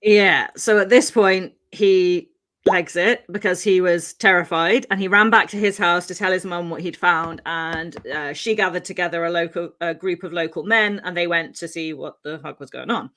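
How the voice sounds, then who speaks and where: A woman's voice: lowish voice, steady tone, moderate pace, fairly bright tone. A woman from Wales, co-hosting a podcast and telling a true-crime case in a chatty style, laughing easily and using many ums. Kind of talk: casual true-crime storytelling.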